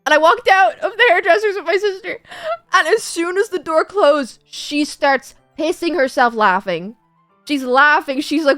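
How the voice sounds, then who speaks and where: A young Irish woman streamer chatting casually, telling a story in an animated way, laughing and acting out the people in it. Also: high voice, normal speed, no room sound, soft background music.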